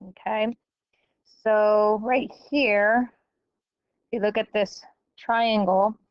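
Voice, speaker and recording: A woman teacher explaining a math lesson step by step, often pausing to check with "okay?". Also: fairly high pitch, clean tone, dry recording, dull audio. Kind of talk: recorded classroom lecture.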